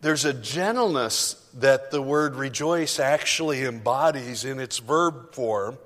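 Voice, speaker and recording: With a medium-pitched, slightly bright voice and a somewhat slow pace, a male pastor talks to his congregation in a chatty sermon, poking fun at himself and wandering into asides. The church sanctuary lends a long, hall-like reverb.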